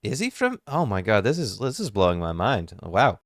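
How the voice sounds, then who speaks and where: A man's voice: fairly low pitch, very animated, fairly quick, no echo. A man giving casual reaction commentary, musing wryly and thinking aloud on a close microphone. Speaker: YouTube commentator.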